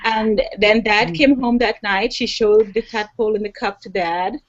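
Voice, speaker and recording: A woman guest on a panel, telling a story in a casual, animated way. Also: medium pitch, moderate pace. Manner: animated, acts out quoted voices. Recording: dull online video call audio.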